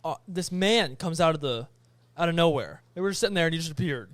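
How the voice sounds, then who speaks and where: Young guy on a podcast telling a trip story, kinda high voice, bounces into the quotes, dry close sound. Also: fast, no echo. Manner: animated, acts out quoted voices. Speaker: podcast co-host. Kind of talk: casual storytelling.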